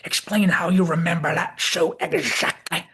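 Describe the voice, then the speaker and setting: A man's voice: high voice, animated, moderate pace, gravelly, background noise, pitched above the performer's own voice. A man voicing McCoy, a cantankerous, ancient male admiral with a folksy Southern drawl. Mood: indignant.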